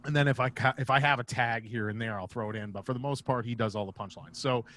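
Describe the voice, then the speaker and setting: A male stand-up comedian guesting on a video-call podcast, telling profane, animated stories in a casual chat. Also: medium pitch, quick pace. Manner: profane, animated anecdote teller.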